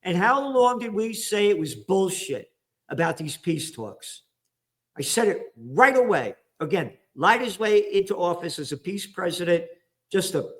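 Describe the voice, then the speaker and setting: A man's voice: on the high side, fairly bright tone. A man from the Bronx, hosting a profane, combative current-affairs commentary. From the Bronx, New York. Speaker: trends forecaster and show host.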